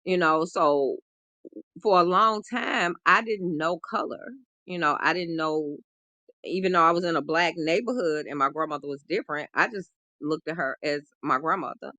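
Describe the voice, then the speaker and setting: A woman guest, a relationship coach, telling a personal story in an animated conversational way, full of "you know". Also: low-pitched, normal speed, no room sound. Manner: animated, acts out quoted voices, frequent "you know".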